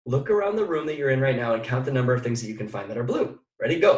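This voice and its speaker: A young man giving a motivational training talk, emphatic and energetic, speaking straight to his audience and hammering phrases through repetition. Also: fairly high pitch, quick pace, hardly any pauses. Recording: echoey room, mic at a distance.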